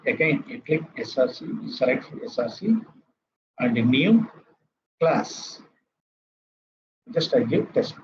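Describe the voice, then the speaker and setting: A man's voice: medium pitch, lo-fi sound, a little hiss or hum. A man with an Indian English accent teaching a live coding lecture. He repeats terms and checks in with "right?" after each step.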